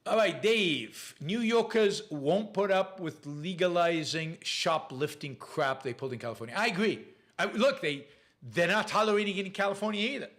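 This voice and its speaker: A man's voice: sits high, lively intonation, normal speed, a bit bright. A man with a noticeable accent hosting a casual question-and-answer show, reading viewer questions aloud and answering them with frequent restarts and fillers. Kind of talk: casual live Q&A talk.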